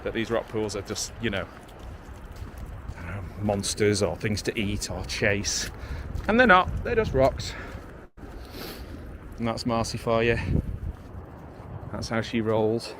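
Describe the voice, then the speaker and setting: On a walk along a windy beach, this vlogger speaks in a low, fairly flat voice, unhurried and pausing often. He rambles casually to his handheld pocket camera, mocks himself, and addresses his dog, while faint wind and outdoor noise linger underneath.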